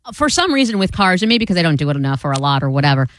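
Lively teasing radio co-host woman. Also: low-pitched. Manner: animated, teasing, quick asides. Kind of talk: casual talk radio banter.

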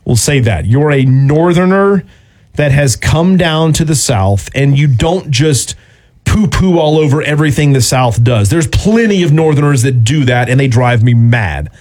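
A man hosting a morning sports radio show from the American South, chatting casually with a playful, emphatic, drawn-out delivery. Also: mid-range voice, lively intonation, a little mellow.

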